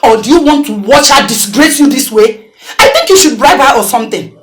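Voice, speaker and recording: An actress playing a scornful, scheming wife urging bribery, speaking with a Nigerian accent. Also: female voice, high voice, animated, a little fast. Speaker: politician's wife.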